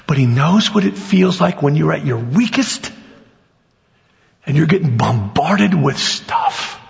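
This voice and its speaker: A man preaching an animated sermon as pastor, swinging between loud bursts and quiet asides. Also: a little high, a little slow, vocal fry. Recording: dull lo-fi sound with long hall reverb.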